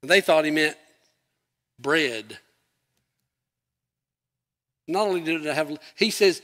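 A man preaching a sermon as pastor, animated, acting out scripture quotes with an emphatic voice. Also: high voice, measured pace, long pauses, big-room sound.

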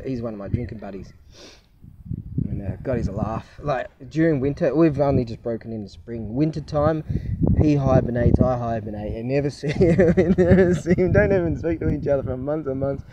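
A man's voice: medium pitch, normal speed. A middle-aged man vlogging in a loose, rambling way, chuckling often and full of fillers and restarts. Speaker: channel host. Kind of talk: casual rambling vlog chat. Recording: muffled, distant, loud background noise.

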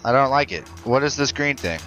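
Excitable young man playing a game. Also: medium pitch, a little fast, soft background music. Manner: excitable, profane, talks back to the game characters. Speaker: gaming channel host. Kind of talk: casual gameplay commentary.

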